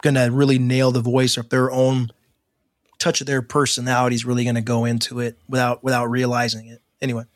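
A man's voice: medium pitch, fast talker, dry recording. Chatty podcast man, mid voice, dry sound. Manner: animated, restarts and rambles, laughs often. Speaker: podcast co-host. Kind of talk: casual chat.

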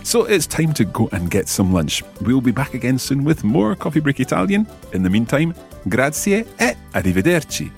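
A man's voice: medium pitch, big pitch swings, normal speed, gravelly, soft background music. A man hosting a language-lesson podcast as the teacher, with an enthusiastic, teacherly delivery.

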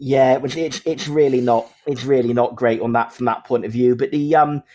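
A man's voice: medium pitch, steady tone, a little fast, darkish tone. A man co-hosting a casual fan podcast, telling stories with an easy laugh. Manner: chatty storyteller, laughs easily. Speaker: podcast co-host. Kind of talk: casual chat.

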